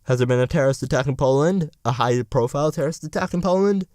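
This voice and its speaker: A young man rants about politics in a loose, profane, sarcastic vlog ramble. His voice is smooth and clear, sitting at an ordinary middle pitch. It is recorded close and dry, with no room sound around it. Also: quick pace, a little mellow, dry recording. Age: young adult. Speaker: political vlogger.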